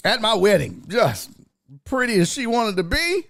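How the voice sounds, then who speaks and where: A man's voice: high-pitched, wildly swooping pitch, moderate pace, vocal fry, a bit bright. A man hosting a sports stream, telling a story with lots of cursing and quoted voices. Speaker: sports show host. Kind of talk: casual livestream chat and storytelling.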